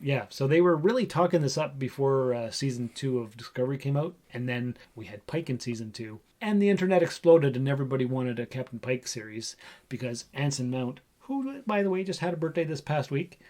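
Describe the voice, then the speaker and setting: A man's voice: mid-range voice, animated, a little fast, darkish tone. A man hosting a casual pop-culture podcast, reading news items aloud and chatting about them. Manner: chatty, reads headlines then riffs on them. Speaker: podcast host.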